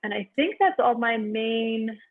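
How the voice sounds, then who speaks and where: A woman's voice: on the high side, animated, unhurried. A woman hosting an online event, giving friendly closing remarks with many fillers over a video call. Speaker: event host. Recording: tinny phone-like call audio.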